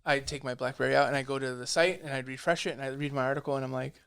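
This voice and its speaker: A comic book writer in a casual interview, telling lively stories and acting out the people he quotes. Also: medium pitch, racing, creaky, clean tone. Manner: animated storyteller, acts out quoted dialogue.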